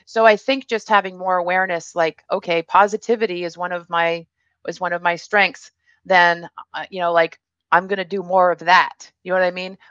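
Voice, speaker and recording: A woman hosting a show, chatting in a relaxed and agreeable way with her guest. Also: lowish voice, normal speed, no echo, dull audio. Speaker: show host. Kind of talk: casual interview chat.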